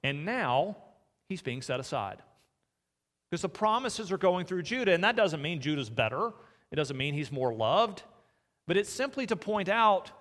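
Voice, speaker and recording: A man delivers a sermon from the pulpit, earnest and personal, often turning to ask his listeners pointed questions. His voice sits slightly high for a man. It rings out in a church with a long, trailing reverb. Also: sing-song, normal speed, a bit bright. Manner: earnest, asks the congregation direct questions. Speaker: pastor. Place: church sanctuary.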